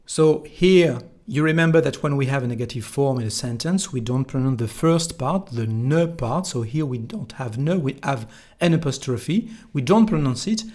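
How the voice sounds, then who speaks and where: A man with a French accent gives an online French lesson at an unhurried pace. His voice sits at an average pitch, and he says each example phrase clearly for the learner to repeat. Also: lively intonation, darkish tone. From France. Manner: slow, careful explanations with modeled phrases to repeat. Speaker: French teacher.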